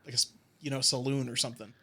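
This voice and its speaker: A young man co-hosting a podcast, rambling and animated with lots of fillers and swearing. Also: mid-range voice, rapid-fire, husky. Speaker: podcast co-host. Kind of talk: casual chat.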